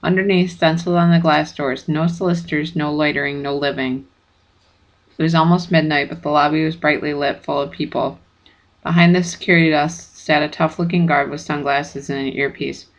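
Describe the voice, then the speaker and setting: A narrator reading a first-person chapter book aloud in steady, plain audiobook narration. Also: mid-range voice, fairly quick, highs cut off.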